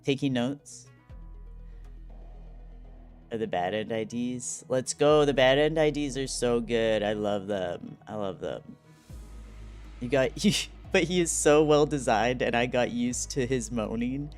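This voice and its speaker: A man's voice: mid-range voice, takes it slowly, clean tone, faint music behind. A man streaming a game, chatting casually, reading chat and game text aloud. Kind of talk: casual live-stream commentary.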